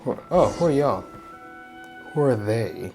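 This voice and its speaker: A man's voice: mid-range voice, animated, a little slow, creaky, a little mellow, soft background music. A man commenting casually on a video game playthrough, joking and using slang. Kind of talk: casual let's-play reactions.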